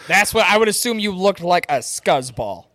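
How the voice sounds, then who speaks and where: A man's voice: high-pitched, bright, forceful tone, dry recording. A man from Michigan's Upper Peninsula with a Yooper accent, co-hosting a casual podcast in a joking, teasing, profane way. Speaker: podcast co-host, voice actor. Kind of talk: casual chat.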